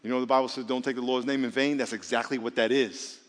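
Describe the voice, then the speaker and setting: A man's voice: medium pitch, fast, big-room sound. A man preaching a sermon as pastor, joking and calling out questions to the congregation. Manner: lively, joking, calls on the congregation.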